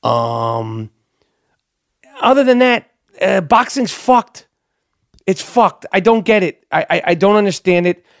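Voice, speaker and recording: A man's voice: high-pitched, expressive, slow, creaky, long pauses, no room sound, studio quality. A man hosting a podcast, delivering a heated, profane, unedited rant and repeating himself as he gets worked up. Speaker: podcast host.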